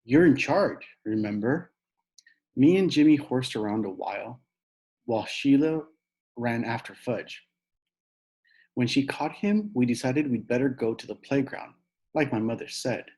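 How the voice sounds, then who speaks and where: A man reading a children's book aloud, telling it in an animated way. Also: medium pitch, moderate pace. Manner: animated storytelling with a boyish narrator's voice. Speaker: reader.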